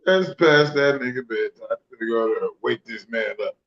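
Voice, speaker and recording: A man's voice: medium pitch, lively intonation, moderate pace, creaky, fairly bright tone, dull audio. A man co-hosting a podcast in casual chat, crude and joking and given to rambling. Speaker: podcast co-host.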